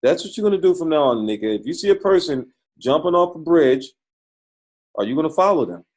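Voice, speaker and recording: A man's voice: a little high, animated, brisk, darkish tone. A man hosting a live trading call, folksy and joking, cheering on callers.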